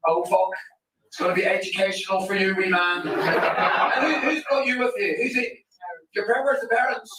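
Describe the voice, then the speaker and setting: A man's voice: sits high, fairly even intonation, moderate pace. A man with a Northern Irish accent doing stand-up on a club stage, teasing the audience with sweary banter. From Northern Ireland. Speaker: stand-up comedian. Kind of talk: stand-up set with crowd work. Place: comedy club stage before a live audience. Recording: roomy club sound from a distance, loud crowd noise.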